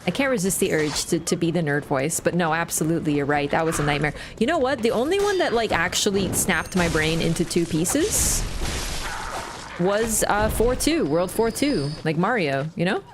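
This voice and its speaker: Woman, livestreamer, casual game commentary, animated up-and-down delivery, chatty, swears. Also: lowish voice, normal speed, background noise. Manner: chatty, swears freely, laughs, answers chat.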